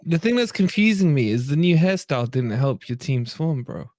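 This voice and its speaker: A man's voice: on the high side, very animated, normal speed, a little mellow, dry recording, clean studio sound. A man hosting a live fan panel, teasing a guest and laughing often. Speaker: show host.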